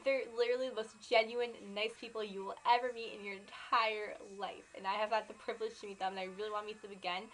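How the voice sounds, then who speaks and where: A nineteen-year-old woman vlogging, gushing excitedly about a band she loves, full of "like" and "oh my gosh". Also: medium pitch, fast talker, hardly any pauses, a little hiss or hum, low-quality recording. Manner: excitable, gushing, filler-heavy. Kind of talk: gushing fan vlog.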